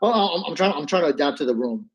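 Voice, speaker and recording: A man's voice: a little high, lively intonation, racing, a crowd in the background. A man in a casual debate, goofy and mock-innocent, rambling on purpose. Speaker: debate participant. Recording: muffled lo-fi sound.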